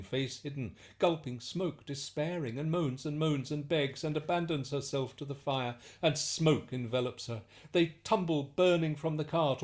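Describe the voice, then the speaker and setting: Brief: male narrator, mid-pitched, rhythmic dramatic narration of a verse epic. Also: darkish tone.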